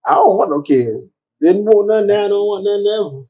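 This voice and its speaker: A man co-hosting a podcast, talking in relaxed casual chat, animated and repeating himself for emphasis. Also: sits high, moderate pace, rough recording. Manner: animated, repeats himself, mock-scolding voices. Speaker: podcast co-host.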